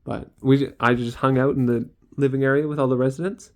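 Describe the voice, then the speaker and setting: A man's voice: mid-range voice, steady tone, fairly quick. A young man, a student care worker, chatting casually in a vlog diary, rambling and acting out sounds.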